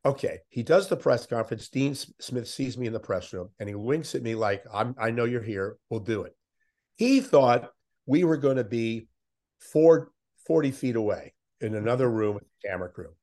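An older man, a veteran sports interviewer, telling animated anecdotes as a podcast guest. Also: medium pitch, normal speed. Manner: animated anecdotes, puts on voices of others. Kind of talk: conversational storytelling.

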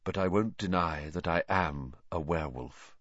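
Calm, measured weary teacher, read by a man. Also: low-pitched, no echo, highs cut off, voice pushed down. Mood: cool. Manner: measured, quiet, restrained. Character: calm weary male teacher, gentle but firm.

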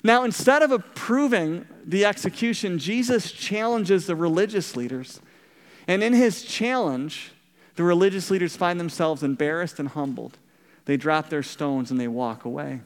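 Male pastor, sermon storyteller who questions the congregation; smooth tone, reverberant hall. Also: a little high, normal speed.

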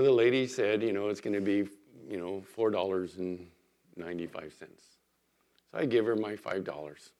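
A man, a pastor, giving a sermon in church, telling everyday stories in a conversational way with lively emphasis. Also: on the low side. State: recovering from illness.

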